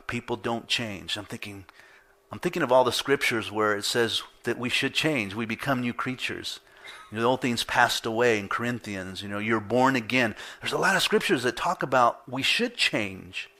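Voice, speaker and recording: A pastor preaching a conversational sermon, asking rhetorical questions and repeating points for emphasis. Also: male voice, medium pitch, lively intonation, normal speed, bright, forceful tone.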